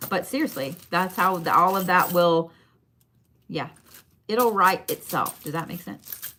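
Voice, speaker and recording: A woman's voice: on the low side, lively intonation, measured pace, sharp tone, a little hiss or hum. A woman giving bone readings on a live stream in a casual, chatty way, swearing now and then and talking straight to her viewers. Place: her shop.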